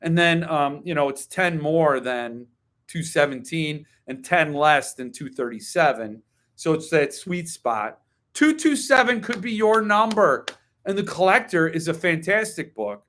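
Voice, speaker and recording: A man's voice: on the high side, animated, unhurried, fairly bright tone. A man hosting a casual live-stream about books, talking in a chatty, opinionated way that drifts into wry grumbling rants. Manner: chatty, digresses with ums and asides. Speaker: host.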